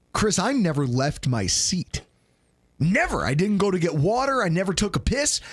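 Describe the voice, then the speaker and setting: A man co-hosting a casual podcast, excitedly telling stories and acting out the people he quotes. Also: sits high, a little slow, long pauses, breathy edge. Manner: animated, excitable storyteller who acts out quotes. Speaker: podcast co-host. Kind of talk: casual chat.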